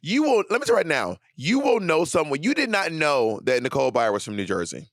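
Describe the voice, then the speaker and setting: Guy on a podcast teasing his cohost, really animated up and down, repeats himself to make the point. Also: a little high, brisk, dry recording, studio quality. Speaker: podcast co-host. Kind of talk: casual chat.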